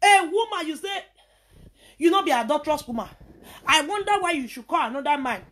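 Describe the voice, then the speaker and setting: High-voiced Nigerian woman ranting. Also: lively intonation, a little fast, fairly bright tone. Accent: Nigerian Pidgin English. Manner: heated, scolding, repeats herself. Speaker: social media personality. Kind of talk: angry ranting monologue.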